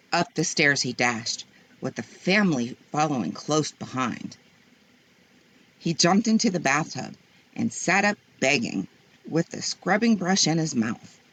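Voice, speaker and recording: A woman reading children's stories aloud in a slow, gentle, expressive way. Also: low voice. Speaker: storyteller. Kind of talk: children's story read-aloud.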